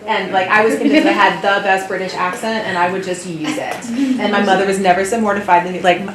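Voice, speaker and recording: A woman with a Southern US accent, a theatre professor giving a lively, chatty lecture and talking with her audience. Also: medium pitch, fast talker, crowd noise. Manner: chatty, animated, laughs often. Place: lecture hall. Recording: echoey lecture hall, distant mic.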